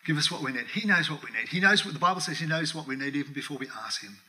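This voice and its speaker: A middle-aged man preaching a sermon, telling a personal story with animated acted-out dialogue and frequent laughter. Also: fairly high pitch, very fast, rough recording. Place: church.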